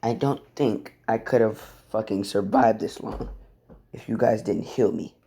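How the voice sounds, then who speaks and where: A man voicing a battered young hero who answers in a low, quiet, flat voice. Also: unhurried, vocal fry, slightly rough, heavily acted. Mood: cold.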